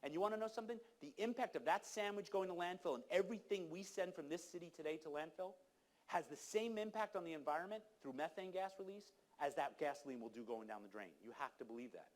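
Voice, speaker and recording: A man's voice: a little high, lively intonation, fast talker. A man giving an emphatic, exhorting talk at a conference, speaking to the audience directly. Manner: emphatic, exhorting, acts out quoted people. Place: conference hall.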